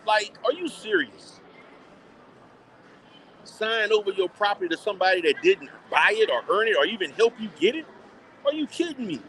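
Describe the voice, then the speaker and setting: A man chatting casually with live viewers while shopping in a mall, blunt and animated, laughing often and repeating himself. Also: sits high, moderate pace, pauses often, a little hiss or hum.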